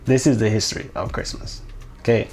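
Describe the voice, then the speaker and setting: A man's voice: on the low side, steady tone, brisk, a little mellow. A man in a casual, rambling monologue who swears, restarts often and drops incredulous asides. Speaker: vlogger.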